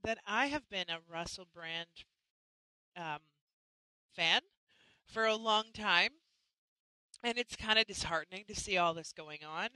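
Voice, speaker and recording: A woman's voice: lowish voice, a little slow, pauses often, bright, forceful tone, no room sound, rough recording. A woman hosting a live chat show, talking casually and chattily, often restarting and apologizing. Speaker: host.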